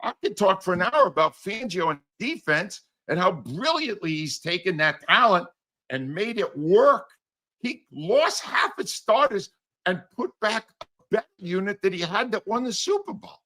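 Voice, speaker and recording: A man's voice: high-pitched, big pitch swings, moderate pace, sharp tone. A man guesting on a sports talk show, a former sports radio host who rants bluntly and sarcastically.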